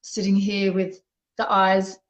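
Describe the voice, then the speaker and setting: A woman speaking as a guest on a talk show, at an ordinary middle pitch. She recounts her own experience in a candid, reflective way. She often circles back and restarts her sentences as she thinks. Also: monotone, slow pace, rough recording. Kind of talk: conversational interview.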